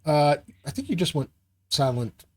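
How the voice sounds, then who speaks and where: A game master describes scenes in a live tabletop session at a middling pitch. The narration wanders and is full of ums and restarts as the scene is set. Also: very animated, normal speed, darkish tone. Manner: rambling narration with many fillers.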